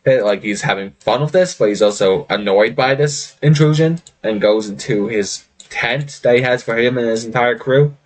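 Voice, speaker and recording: A man's voice: mid-range voice, moderate pace, hardly any pauses. A man acting as game master, narrating a tabletop game in a casual, rambling way over a voice call.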